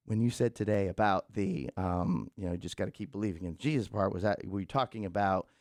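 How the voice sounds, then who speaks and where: A man co-hosting a morning radio show, telling a story in an animated way and acting out the people in it. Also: low voice, normal speed, no echo, studio quality.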